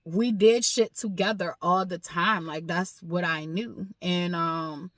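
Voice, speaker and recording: A woman's voice: lowish voice, steady tone, takes it slowly, dry recording, clean studio sound. A woman vlogging a personal story with raw emotion, swearing often and repeating herself for emphasis. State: emotional, grieving.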